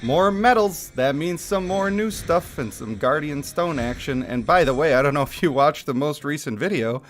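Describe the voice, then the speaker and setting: A man streaming a mobile game from his home setup, chatting casually, getting excited and laughing often, into a desk microphone. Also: on the high side, moderate pace. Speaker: gaming streamer. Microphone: desk microphone picking up chair rumble.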